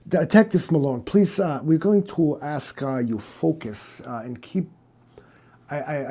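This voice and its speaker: A man's voice: on the high side, mellow, slightly rough. A man doing a pompous German psychoanalyst. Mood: probing. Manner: stiff, formal, fussy and easily offended.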